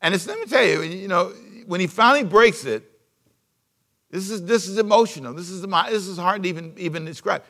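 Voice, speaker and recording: A man preaching a sermon as pastor, swinging from loud emphasis to hushed asides. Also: medium pitch.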